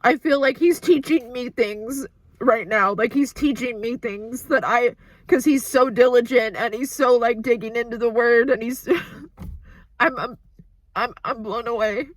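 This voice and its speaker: Tearful woman vlogger, halting and overwhelmed. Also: fairly high pitch, no echo. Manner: halting, restarting sentences, overwhelmed. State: tearful, crying. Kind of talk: emotional personal update. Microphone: phone held in hand.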